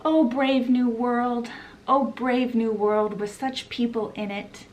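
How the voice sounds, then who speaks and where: A woman's voice: medium pitch, measured pace, fairly bright tone, lightly acted. A woman voicing an earnest, dreamy young man who is an outsider, in a wistful way.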